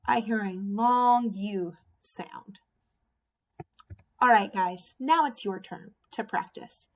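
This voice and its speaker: A woman teaching a phonics lesson to young children, sounding out each vowel slowly and clearly. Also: mid-range voice, darkish tone. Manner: slow, drawn-out sounding out of vowels. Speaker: first grade teacher.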